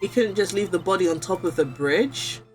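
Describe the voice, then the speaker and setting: A woman's voice: fairly low pitch, normal speed, a little mellow, faint music behind. Chatty young woman streaming a game. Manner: chatty, blunt, laughs often. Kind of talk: casual gameplay commentary.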